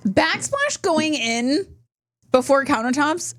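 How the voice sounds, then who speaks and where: A woman's voice: medium pitch, sing-song, normal speed. A woman co-hosting a podcast in casual chat, reacting with jokes and frequent laughs. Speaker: podcast co-host.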